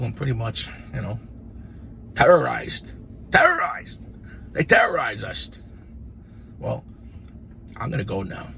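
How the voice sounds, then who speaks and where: Older guy in his 60s rambling on about school days, gravelly voice, swears a lot, faint hiss behind. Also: mid-range voice. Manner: animated, profane, rambling. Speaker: storyteller. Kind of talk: casual storytelling to camera.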